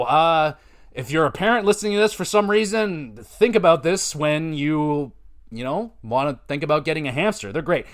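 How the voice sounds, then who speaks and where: A man, hosting a podcast and telling rambling, profane, animated stories. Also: fairly high pitch. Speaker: podcast host. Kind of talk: casual storytelling.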